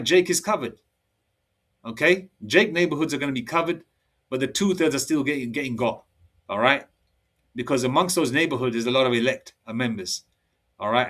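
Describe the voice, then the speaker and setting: Casting note: man in his fifties, heated street-preacher monologue, mid-pitched, laptop mic set back. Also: distant mic. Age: 50s. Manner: forceful, repetitive, ends phrases with "all right?". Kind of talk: heated sermon-style monologue.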